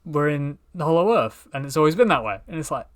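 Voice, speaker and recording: A man's voice: fairly high pitch, animated, fast, dry recording, clean studio sound. A young British man co-hosting a podcast, making laid-back joking asides in casual chat. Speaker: podcast co-host.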